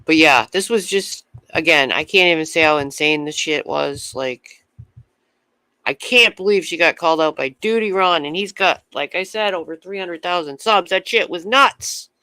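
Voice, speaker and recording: A man's voice: on the high side, moderate pace, pushed and bright, clean tone, no room sound. A man chatting casually with viewers on his livestream, rambling from topic to topic and swearing freely.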